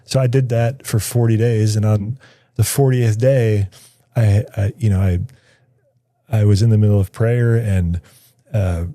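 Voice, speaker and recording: A writer appearing as a guest on an interview show tells a personal story in the studio, thinking aloud and searching for words. His sentences often restart as he reflects. His fairly low voice is steady, unhurried and mellow, with no echo.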